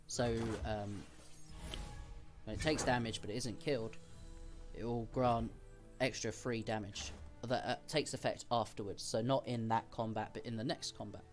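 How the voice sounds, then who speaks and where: A man at a mid pitch, streaming a card game and calmly walking through every decision as he thinks aloud. Soft game music plays faintly behind him. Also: moderate pace. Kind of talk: casual gameplay commentary.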